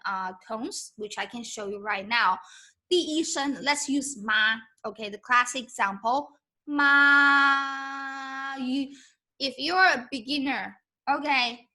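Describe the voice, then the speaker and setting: A woman's voice: high voice, pushed and bright. A woman teaching Mandarin on a live stream, mixing English with Mandarin and drawing out syllables to demonstrate tones. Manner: encouraging, asks "okay?" often. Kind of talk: live-stream language lesson.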